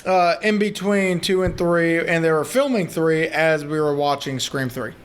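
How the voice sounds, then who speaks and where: A man's voice: fairly high pitch, measured pace, smooth. A man co-hosting a casual movie podcast, trading wry, jokey asides. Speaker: podcast co-host.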